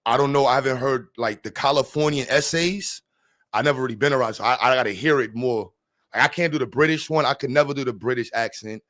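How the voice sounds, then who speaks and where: A man's voice: mid-range voice, quick pace, fairly bright tone, no room sound, studio quality. Man rambling casually to his stream chat. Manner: rambling, profane, joking. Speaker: livestreamer.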